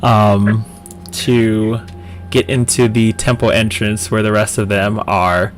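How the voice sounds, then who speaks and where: A man running a tabletop game as dungeon master, narrating in a halting way with frequent ums. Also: fairly low pitch, slight background noise.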